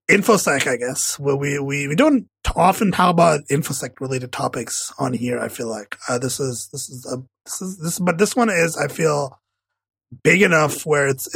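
A man chatting casually as co-host of a tech podcast, rambling and restarting his sentences. His voice is gravelly and a bit husky, pitched fairly high. The sound is close and dry. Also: a bit bright, no room sound. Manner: rambling, many fillers and restarts.

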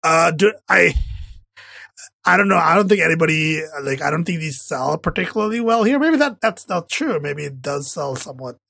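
A man's voice: fairly high pitch, lively intonation, normal speed, vocal fry, sharp tone, dry recording. A man co-hosting a casual tech podcast, rambling with many fillers and restarts. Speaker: podcast co-host.

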